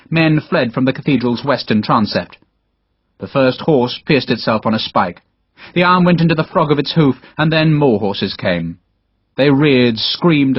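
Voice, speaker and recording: A man's voice: medium pitch, slightly rough, no echo. A man narrating an audiobook dramatically in a dull, dry lo-fi recording. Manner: dramatic storytelling, voices all characters. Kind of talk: scripted narration.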